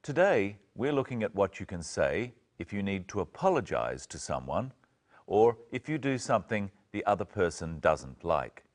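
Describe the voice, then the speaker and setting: A man presenting an English lesson in a clear, careful scripted way, slowing down over the examples. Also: on the low side, sing-song. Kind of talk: scripted teaching narration.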